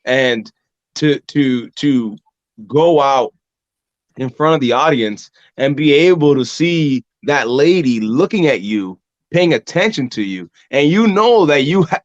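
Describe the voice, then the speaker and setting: A man hosting a wrestling podcast, telling ring stories in a casual, animated way and acting out voices from the crowd. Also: mid-range voice, no echo, muffled recording. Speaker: podcast host and pro wrestler. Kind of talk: casual conversation.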